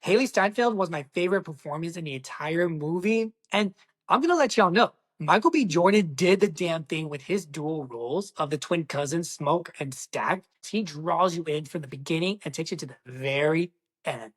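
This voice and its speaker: A woman giving a casual movie review, excitable and exclamatory, talking straight to her viewers. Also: low-pitched, moderate pace, breathy edge. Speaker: film reviewer.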